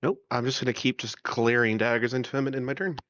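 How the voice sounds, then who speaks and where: A man describing his character's actions in a tabletop game, halting with many fillers. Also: medium pitch, steady tone, fairly bright tone, no room sound. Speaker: player. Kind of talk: playing a tabletop character in character narration. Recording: dull lo-fi dry sound.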